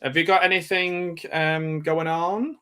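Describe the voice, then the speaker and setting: A man's voice: on the high side, little pitch movement, measured pace, bright, forceful tone, clean tone. A man from Cumbria, hosting a casual live watch-party chat in a jokey, rambling way. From Cumbria, England. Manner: jokey, rambling, laughs at own jokes. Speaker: host.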